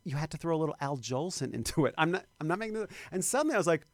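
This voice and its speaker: A middle-aged actor from Long Island, telling lively self-deprecating anecdotes in a casual interview. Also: male voice, a little high, very fast, dry recording. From New York, Long Island. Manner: animated, self-deprecating, acts out voices in anecdotes. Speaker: actor guest.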